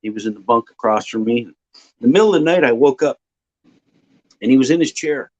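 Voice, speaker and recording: A man from Ontario, a guest casually telling a long, rambling anecdote with filler pauses. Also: medium pitch, lively intonation. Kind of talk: casual storytelling. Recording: dull lo-fi audio.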